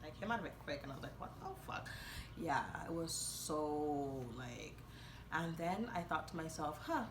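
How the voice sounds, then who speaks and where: A woman's voice: low voice, expressive, moderate pace, echoey room, noisy background. A young woman telling a rambling personal story to her viewers, with many fillers and bursts of laughter. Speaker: vlogger. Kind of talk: casual storytelling to camera.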